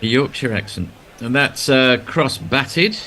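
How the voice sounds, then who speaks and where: A man's voice: mid-range voice, measured pace, sharp tone, a little hiss or hum. A middle-aged English man with an English accent giving chatty ball-by-ball cricket commentary, drifting between the play and anecdotes. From England.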